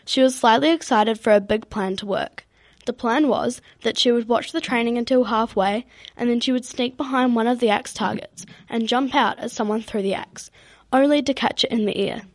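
A woman reads a story aloud in a steady, even narrating manner. Her voice sits fairly high. The sound is dry and close. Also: no room sound.

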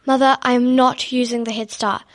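Determined young Viking girl, read by a woman, firm, loud, highish voice, storybook. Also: flat delivery, brisk, close to an everyday voice.

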